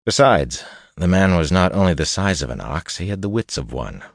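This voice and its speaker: Male audiobook narrator, extremely low voice, measured and steady, dry booth sound. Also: creaky, no room sound. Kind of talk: scripted fantasy narration.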